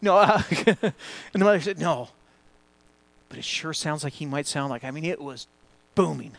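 Earnest preaching man, fairly high voice. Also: animated, normal speed. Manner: earnest, conversational preaching with frequent restarts; rises louder and higher when building a point. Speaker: pastor. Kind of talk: sermon. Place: church before a congregation.

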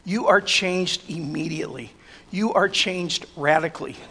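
Guy preaching a sermon, kinda high voice, big echo tail from the church hall. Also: a little slow, slightly rough. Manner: earnest preaching that rises to loud emphatic peaks. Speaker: pastor. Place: church sanctuary. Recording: long reverb of a church hall.

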